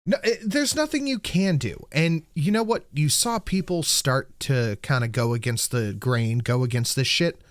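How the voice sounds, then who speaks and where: A man's voice: a little high, expressive, moderate pace, few pauses, no echo, clean studio sound. A man co-hosting a casual political livestream, blunt and profane as he rants and reads out donations. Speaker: livestream co-host reading donations.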